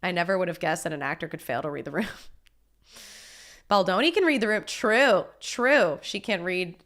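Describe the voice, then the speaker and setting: A woman's voice: lowish voice, lively intonation, moderate pace, a bit bright. A woman streaming a casual reaction, blunt and exasperated, swearing and laughing between points. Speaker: streamer reacting to a news video.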